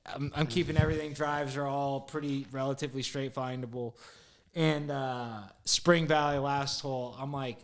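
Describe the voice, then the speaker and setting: A young man co-hosting a podcast, telling long stories in animated, profane casual chat packed with "like". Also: mid-range voice, normal speed. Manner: animated, profane storytelling full of "like". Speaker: podcast co-host.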